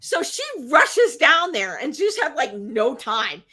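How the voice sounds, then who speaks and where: Animated woman retelling myths. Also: high-pitched, slow pace, husky. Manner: animated, chatty retelling with fillers. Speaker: podcast host. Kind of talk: casual myth storytelling.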